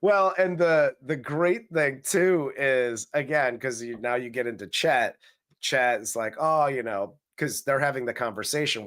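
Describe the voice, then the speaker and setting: A man's voice: medium pitch, measured pace. A man co-hosting a movie review podcast in casual chat, cursing freely and acting out scenes as he retells them. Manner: profane, animated retelling of scenes.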